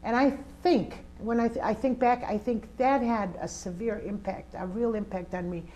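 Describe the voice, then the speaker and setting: A woman's voice: medium pitch, fairly even intonation, moderate pace, dark tone, slight background noise, low-quality recording. An older woman, a community organizer, telling a personal story in an interview with vivid, emphatic delivery. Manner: vivid, emphatic storyteller who acts out scenes.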